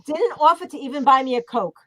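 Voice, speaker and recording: A woman's voice: sits high, animated, quick pace, fairly bright tone, no echo. A woman hosting a casual online panel, chatty and giggly. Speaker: host. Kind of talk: casual livestream chat.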